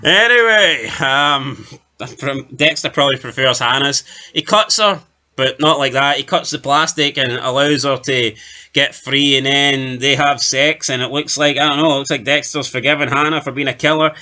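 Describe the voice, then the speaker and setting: A man's voice: medium pitch, normal speed, bright, forceful tone. A man co-hosting a TV review podcast, recapping an episode in casual chat with jokes and asides. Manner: chatty, joking, summarizes plot with asides.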